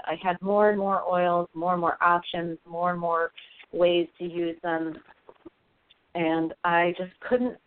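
A woman guest on a radio show, telling a personal story in an earnest, halting way with many fillers. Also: fairly low pitch, flat delivery, no echo. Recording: thin phone line, dry.

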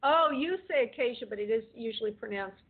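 Woman spirit medium hosting call-ins, fond terms for callers, raspy fry in the voice, heard over a thin phone line. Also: fairly high pitch, expressive, quick pace. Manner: affectionate, calls callers honey and darling. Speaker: spirit medium host of a call-in radio show. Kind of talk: call-in reading, relaying messages.

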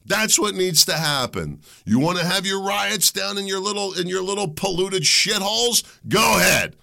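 A fired-up middle-aged man rants through a solo monologue in a gravelly, bright-edged voice. His pitch swings all over as he works himself up, and he keeps a combative edge from start to finish. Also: expressive, moderate pace. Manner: heated, combative ranting with rising shouts. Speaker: podcast host.

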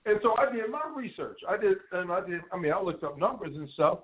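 A man's voice: high-pitched, expressive, a little fast. A male radio show host telling stories in casual slang, repeating words as he talks. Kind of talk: casual storytelling chat. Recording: echoey tinny phone-like line, distant mic.

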